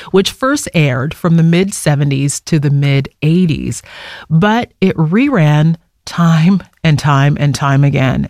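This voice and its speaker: A man's voice: a little high, darkish tone, dry recording, clean studio sound. Conversational male radio host. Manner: conversational storytelling. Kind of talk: radio show hosting.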